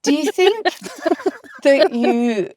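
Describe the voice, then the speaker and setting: A woman's voice: high-pitched, lively intonation, extremely slow, darkish tone. A woman interviewing a couple, encouraging them and asking leading questions. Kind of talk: casual interview.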